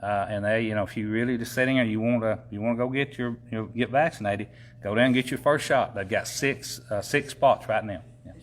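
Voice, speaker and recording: A man's voice: on the low side, fairly quick. A man, a county executive giving a casual public update, folksy and rambling with lots of fillers.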